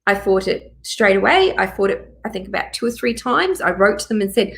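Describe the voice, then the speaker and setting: A woman's voice: medium pitch, animated, a little fast, few pauses, poor audio. A middle-aged woman telling her own story as a guest, emphatic and repeating key phrases for force. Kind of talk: personal testimony in a live chat.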